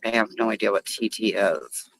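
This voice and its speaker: A woman's voice: rumbling low, moderate pace, creaky, a little hiss or hum. A woman hosting a casual livestream outdoors at a table, chatty and blunt and swearing freely. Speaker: livestream host.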